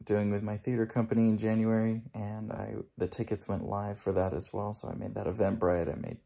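A man's voice: lowish voice, level tone, a little fast, creaky, warm tone, no echo, clean studio sound. A young man talking casually in a vlog about his day and voice-acting auditions. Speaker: vlogger and voice actor.

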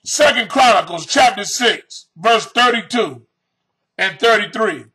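A male preacher delivering a fiery sermon, reading scripture slowly and then breaking into shouted emphasis as he questions his listeners. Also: high voice, animated, husky, low-quality recording. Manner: addresses the audience directly with questions.

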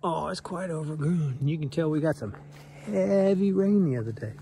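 A man's voice: a little high, moderate pace, vocal fry, dark tone, a little hiss or hum. Breathless man vlogging on a hiking trail. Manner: chatty, talking to himself as he climbs. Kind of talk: casual hiking commentary. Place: outdoors on an overgrown hillside trail.

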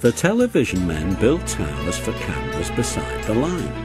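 A man narrating a children's storybook in an expressive, unhurried way. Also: sits low, over loud music.

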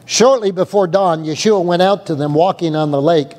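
A man preaching a sermon as pastor, animated, often acting out the voices of frightened people. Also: high-pitched, moderate pace, big-room sound. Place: church sanctuary.

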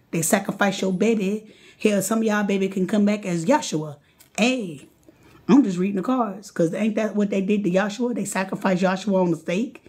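A woman giving a late-night live tarot reading, casual and slangy, talking straight to her viewers and getting excitable, chanting and repeating herself. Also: mid-range voice, normal speed. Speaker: tarot card reader.

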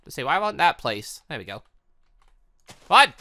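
A man's voice: a little high, very animated, measured pace, pushed and bright, no room sound. Chatty man narrating his game. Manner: chatty, jokey, talks to villagers in the game. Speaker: gaming YouTuber. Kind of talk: casual Minecraft let's play commentary.

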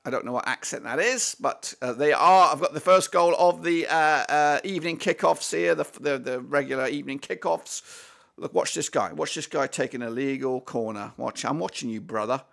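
Excitable gravelly male football fan. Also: fairly high pitch, normal speed. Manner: excitable, swears, frequent fillers and restarts. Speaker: fan watchalong host. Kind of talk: live football watchalong commentary.

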